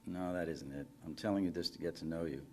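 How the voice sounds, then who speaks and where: A man's voice: deep voice, fast, warm tone, slight background noise. A man reading fiction aloud, voicing a lonely middle-aged man who rambles and apologizes on a phone call. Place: conference reading room.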